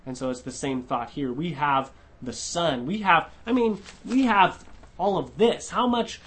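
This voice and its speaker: A man preaching a sermon verse by verse in a conversational way. He often checks in with a questioning "right?", restarts words and slows down to stress key phrases. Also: a little high, a bit bright. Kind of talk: expository sermon.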